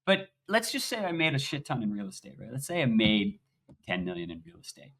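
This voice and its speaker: A young man, a podcast guest, telling his story in an animated, swinging voice that rises loud and high as he gets excited. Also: a little fast. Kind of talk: conversational interview.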